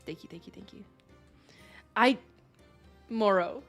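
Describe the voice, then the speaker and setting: Unhurried and medium-pitched, with long pauses, a young woman hosting a livestream effusively thanks donors time after time and laughs often. Soft background music accompanies the casual chat.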